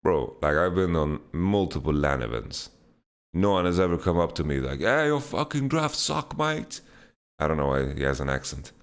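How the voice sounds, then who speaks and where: A man's voice: a bass voice, brisk, smooth. A man hosting a casual Q&A podcast, answering viewer questions bluntly and laughing them off. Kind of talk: casual chat, Q&A.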